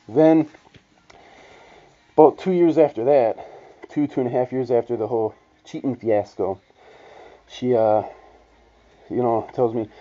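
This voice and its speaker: Young guy venting his breakup story, swears a lot, real dark mellow voice, kinda muffled lo-fi audio. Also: medium pitch. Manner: profane, blunt, rambling with restarts. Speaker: vlogger. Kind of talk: casual storytelling monologue. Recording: dull lo-fi sound.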